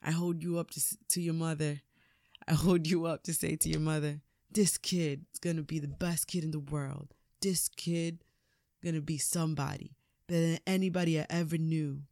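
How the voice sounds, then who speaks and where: A woman voicing an aging boxer father, giving his grown son an earnest, rough-spoken talk. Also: deep voice, fairly even intonation, moderate pace, warm tone, no room sound, clean studio sound. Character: aging boxer father, tough, tender and plainspoken.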